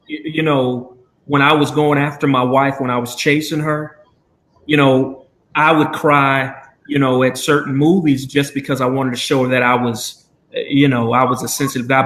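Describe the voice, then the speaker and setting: A man's voice: mid-range voice, a bit bright, echoey room. A man hosting a live video chat, talking earnestly and rambling with many fillers. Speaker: show host.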